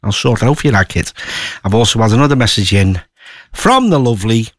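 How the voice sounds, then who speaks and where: A man's voice: lowish voice, lively intonation, fast talker, dry recording, studio quality. A man presenting a local radio show, rambling and chatty with many fillers and asides. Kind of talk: casual radio chat.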